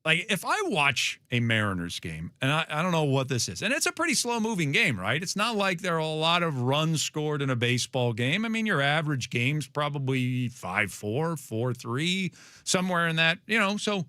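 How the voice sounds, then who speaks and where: Man, sports radio host, bright lively delivery, dry close studio mic. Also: moderate pace, dry recording. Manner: joking, animated storytelling with sudden high-pitched outbursts. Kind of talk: casual morning radio banter. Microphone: studio microphone.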